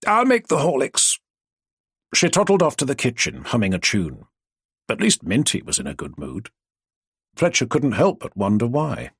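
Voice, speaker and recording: A man narrating an audiobook in an expressive storytelling manner. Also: mid-range voice, moderate pace, breathy edge, no echo, studio quality. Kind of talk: scripted narration.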